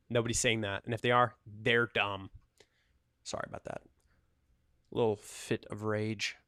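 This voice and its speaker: A man's voice: mid-range voice, a bit bright, clear, resonant tone, no room sound, studio quality. A young man chatting casually over his gameplay, rambling, joking and ranting about whatever comes up. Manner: rambling, jokey, ranting asides. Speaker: gaming YouTuber.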